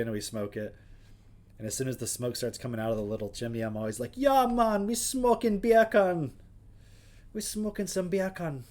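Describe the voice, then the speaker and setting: A man hosting a livestream, reading passages aloud and breaking off with wry, sarcastic questions in a casual chat style. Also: mid-range voice. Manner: wry, sarcastic asides between read passages. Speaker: livestream host.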